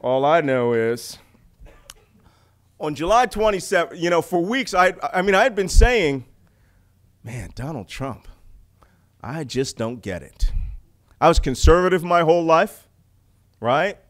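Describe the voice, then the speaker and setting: A middle-aged man from the United States giving an animated public talk on intelligence, full of rhetorical questions and jokes. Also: fairly high pitch. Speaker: speaker on intelligence.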